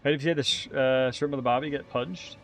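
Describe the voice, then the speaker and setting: A man's voice: mid-range voice, fairly even intonation, fast, a bit bright, soft background music. A young man, chatting upbeat with his viewers while commentating a game stream. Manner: chatty, upbeat banter with chat. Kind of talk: casual live-stream commentary.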